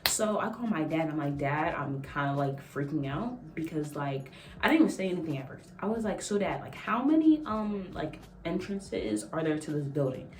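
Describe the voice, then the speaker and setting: A woman's voice: low-pitched, sing-song, moderate pace, hardly any pauses, noisy background. A young woman vlogger telling a casual story, acting out quotes and laughing often. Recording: echoey room, mic at a distance.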